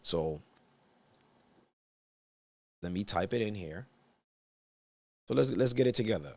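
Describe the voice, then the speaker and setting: Low-voiced guy, chatty live stream, dry close sound, keeps checking in with viewers. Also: animated, takes it slowly, creaky, no room sound. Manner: conversational, repeats himself, checks in with viewers often. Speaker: church elder hosting a live broadcast. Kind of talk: casual live-stream teaching.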